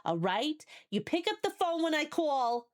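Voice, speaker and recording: A woman's voice: sits high, sing-song, unhurried, pitched above the performer's own voice. A woman with a New Jersey accent voicing a brash, bossy middle-aged Jersey mom who scolds and orders people around.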